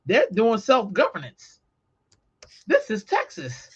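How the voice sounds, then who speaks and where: A woman's voice: on the high side, huge pitch swings, takes it slowly, slightly rough, dull audio. A woman co-hosting a podcast in casual chat, talking bluntly and emphatically with plenty of profanity. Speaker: podcast co-host.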